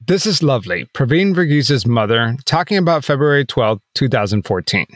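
A man co-hosting a podcast, narrating a true-crime story in a measured, scripted way. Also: mid-range voice, sing-song, dry recording. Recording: dry studio voice with faint music.

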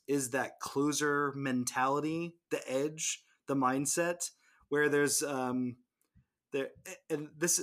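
A man co-hosting a casual sports podcast, talking in halting bursts with many restarts. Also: fairly high pitch, a bit bright. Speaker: podcast co-host.

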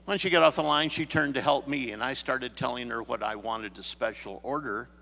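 A man's voice: medium pitch, a little fast, gravelly, bright, forceful tone. Preaching man in a reverberant church. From Chicago area, US. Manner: storytelling, rising emphatic questions. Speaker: pastor. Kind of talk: sermon. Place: church sanctuary.

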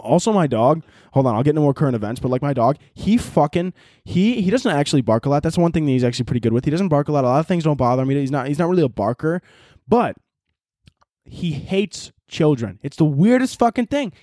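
A man, a comedian hosting his own podcast, in a profane, animated comedic rant. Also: fairly high pitch, no echo, clean studio sound.

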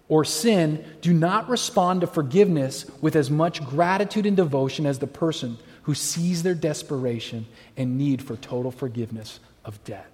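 A man's voice: fairly high pitch, a little mellow. A man preaching a sermon, telling stories animatedly and acting out the voices of people he quotes. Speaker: pastor. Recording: long hall reverb.

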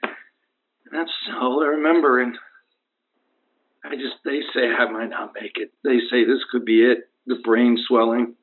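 A man voices a bruised, rambling young football player who drifts from hushed mumbling into raised, cracking cries. His voice sits a little high and comes through a tinny phone line. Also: moderate pace, pauses often, natural voice. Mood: mournful. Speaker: caller. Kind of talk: comic prank call.

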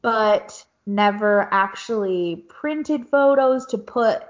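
A woman co-hosting a podcast in casual chat, talkative and quick to laugh. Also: mid-range voice. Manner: chatty, laughs easily. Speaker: podcast co-host. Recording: dull lo-fi recording.

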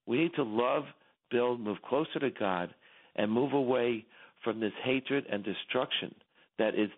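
A man's voice: medium pitch, unhurried. A middle-aged man calling in as a radio guest, giving fervent, repetitive political commentary with many restarts, heard over a phone line.

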